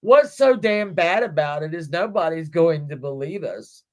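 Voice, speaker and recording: A woman's voice: deep voice, animated, moderate pace, a little mellow. A woman reading a frightened young man's words in an exaggerated, campy, fruity voice. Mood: camp. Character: frightened younger man, read in a camp, fruity tone.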